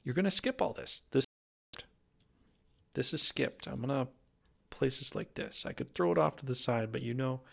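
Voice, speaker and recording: A man's voice: mid-range voice, normal speed, creaky, long pauses, bright, forceful tone. A man giving a casual, jokey tarot reading, rambling with wordplay and self-corrections. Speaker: tarot reader.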